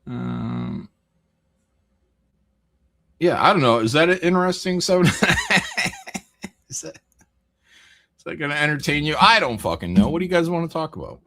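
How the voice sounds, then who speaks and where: A man's voice: fairly high pitch, very animated, unhurried, creaky, pauses often, bright, forceful tone. A man hosting a casual live stream, rambling through chat messages with frequent jokes, laughs and swearing. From American Midwest.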